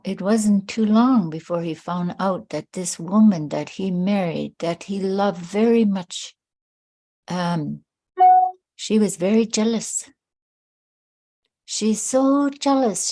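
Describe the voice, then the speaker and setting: A woman storyteller telling a traditional tale in an unhurried, conversational way, with asides to her listeners. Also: fairly low pitch, warm tone.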